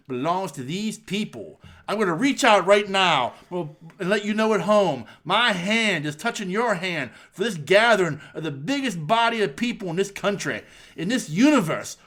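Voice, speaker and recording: A man doing an impression of a brash, boastful male pro wrestler, with a slow, drawn-out, preacher-like delivery. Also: sits high, a bit bright.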